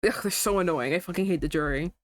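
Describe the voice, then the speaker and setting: Fast-ranting woman streamer. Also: fairly low pitch, a little hiss or hum. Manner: fast, swearing, exasperated ranting. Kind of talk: casual gameplay commentary.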